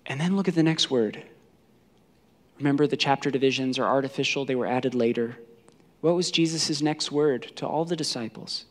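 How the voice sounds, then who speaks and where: A man's voice: mid-range voice, normal speed. A male pastor preaching a sermon in a church, acting out the quoted voices with dramatic shifts.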